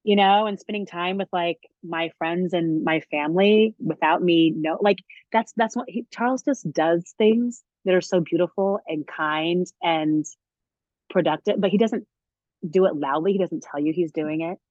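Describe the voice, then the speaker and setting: Animated woman telling a story. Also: fairly low pitch, moderate pace, no echo, dull audio. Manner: animated storyteller, acts out quoted voices. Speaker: guest. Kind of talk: casual chat.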